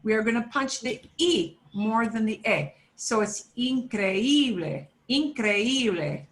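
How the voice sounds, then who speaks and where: A woman teaching a beginner Spanish class, slowly sounding out each word for her students to repeat. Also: a little high, a bit bright, a little hiss or hum. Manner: slow, drawn-out modeling of words for students to repeat. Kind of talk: beginner language lesson.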